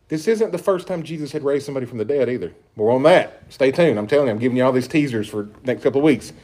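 A pastor preaching an earnest sermon, reading scripture aloud with emphatic stresses. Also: male voice, a little high.

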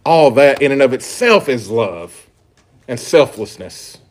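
A pastor preaching an earnest sermon, reading scripture aloud with emphatic stresses. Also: male voice, mid-range voice, lively intonation, unhurried.

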